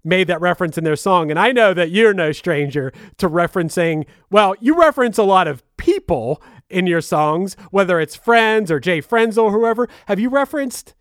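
A man's voice: high voice, lively intonation, normal speed, hardly any pauses, a bit bright, no echo, studio quality. A man co-hosting a podcast, chatting eagerly about music and laughing often. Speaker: podcast co-host. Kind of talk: casual podcast chat.

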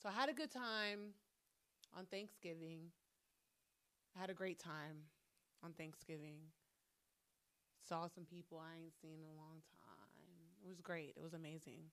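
Her voice sits low and gravelly yet fairly bright as she hosts her podcast alone, speaking a little slowly and pausing often. The talk is blunt, full of swearing and venting, picked up on a camera mic.

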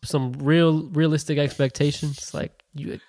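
A man co-hosting a podcast in casual chat, teasing and firing quick questions. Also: on the high side, little pitch movement, a little mellow, no room sound. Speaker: podcast co-host.

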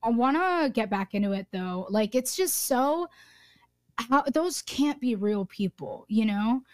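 A young adult woman guest on a podcast, talking in an animated, emphatic way and swearing casually. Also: a little high, measured pace, no echo, studio quality. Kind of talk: casual chat.

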